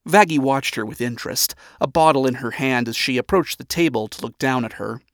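Male storybook narrator, steady reading, medium pitch, dry close sound. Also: brisk, no room sound.

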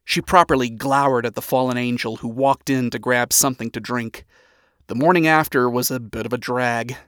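A man giving a steady, even reading as the narrator of a story. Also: medium pitch, moderate pace, no echo, clean studio sound.

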